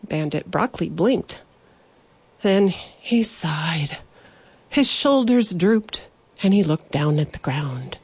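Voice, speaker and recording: A woman reading a children's bedtime story, gently and very slowly, in a somewhat low voice. The sound is close and dry. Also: lively intonation, husky, no room sound.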